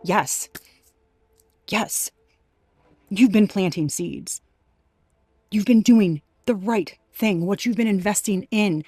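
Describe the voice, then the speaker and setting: A woman's voice: mid-range voice, dark tone, slightly rough, dry recording, clean studio sound, soft background music. Emphatic woman giving a tarot reading. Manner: emphatic, halting, full of restarts and exclamations. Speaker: tarot reader.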